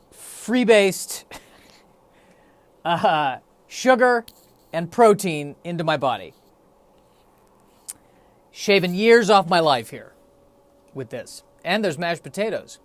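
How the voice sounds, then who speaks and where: A man's voice: high voice, dry recording. A man hosting a solo podcast, rambling in a wry, self-deprecating way. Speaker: podcast host. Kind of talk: solo comedic podcast monologue.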